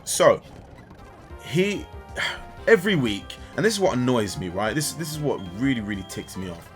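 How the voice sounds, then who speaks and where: A young man in casual gaming commentary, an animated storyteller who swears and keeps tagging "right?" as he vents about coaching. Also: mid-range voice, normal speed, faint music behind. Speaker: gaming YouTuber and kids' sports coach. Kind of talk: casual ranting commentary over gameplay.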